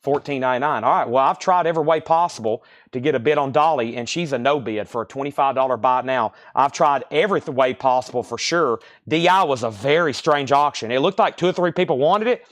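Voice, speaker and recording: A young man hosting a live vinyl sale stream, chatting casually and rambling while reading out titles and prices. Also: medium pitch.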